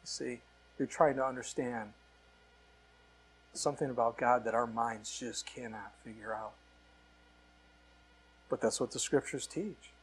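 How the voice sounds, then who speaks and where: A man's voice: medium pitch, fairly even intonation, measured pace, long pauses, slight background noise. A man preaching a sermon as a pastor, quoting scripture and arguing through rhetorical questions. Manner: quotes scripture often, argues with rhetorical questions. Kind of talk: sermon Bible teaching.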